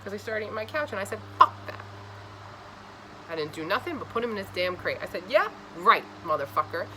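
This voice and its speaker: A woman giving a casual astrology reading to camera, blunt, profane and scolding, with an animated delivery. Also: mid-range voice, very fast, background noise. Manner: animated, acts out voices. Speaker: astrology reader.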